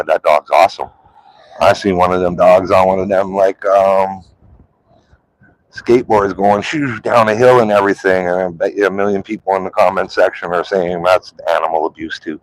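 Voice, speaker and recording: A man's voice: low voice, dry recording, low-quality recording. A man chatting loosely on a live stream, full of "like" and "um", rambling from one thought to the next. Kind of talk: casual live-stream chat.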